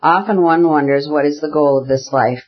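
A haughty invalid noblewoman, pious and cool, voiced by a man. Her husky voice sits a little high. The recording is dull and lo-fi. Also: moderate pace, natural voice.

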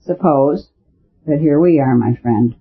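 A man voicing a quiet, shrewd male priest who speaks calmly and patiently in a storybook reading. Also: on the high side, measured pace, husky. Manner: calm, gloomy, patient. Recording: narrow phone-like sound.

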